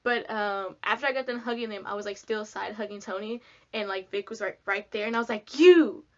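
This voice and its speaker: A young woman from Texas, telling a casual storytime to camera in a chatty, animated way, acting out what people said. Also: mid-range voice, brisk. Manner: chatty, animated, lots of "like", acts out quotes. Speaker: vlogger. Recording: dull lo-fi sound.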